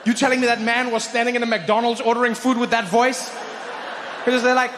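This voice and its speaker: A man doing stand-up comedy on stage, animated and mock-indignant. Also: extremely high pitch, fairly quick. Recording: echoey hall with background noise.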